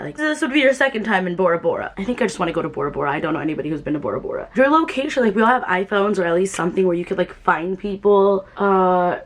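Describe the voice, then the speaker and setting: A young adult woman chatting casually while doing her makeup, rambling and filling her talk with "like". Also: lowish voice. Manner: chatty, rambling, full of "like" fillers. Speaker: beauty vlogger.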